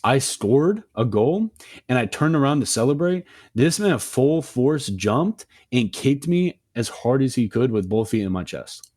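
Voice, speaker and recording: A young man co-hosting a podcast, telling a story in a slangy, profane, animated way. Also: medium pitch, a little slow. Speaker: podcast co-host. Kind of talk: casual storytelling chat.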